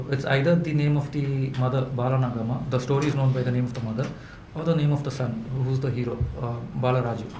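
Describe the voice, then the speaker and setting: A man, telling folk tales to a live audience in a halting way, with many fillers and restarts. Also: mid-range voice, a little mellow. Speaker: storyteller. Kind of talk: live folklore storytelling. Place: event hall indoors. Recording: echoey room with faint hum.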